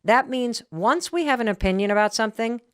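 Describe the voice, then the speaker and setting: A middle-aged woman telling a personal story to an audience, emphatic and animated, acting out the quotes. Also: a little high, a little fast, clear, resonant tone, dry recording, studio quality. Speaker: motivational speaker.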